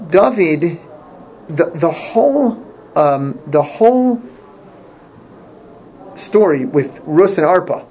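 A man teaching an informal Talmud class, thinking aloud with frequent restarts and rhetorical questions. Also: a little high. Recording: dull lo-fi class recording with faint noise.

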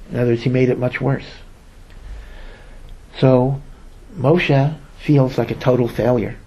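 A man's voice: mid-range voice, steady tone, a little slow, pauses often, slightly rough, muffled recording. A man, a rabbi, giving a Torah sermon in a storytelling way, repeating words for emphasis and acting out the people he quotes. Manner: acts out quoted speakers.

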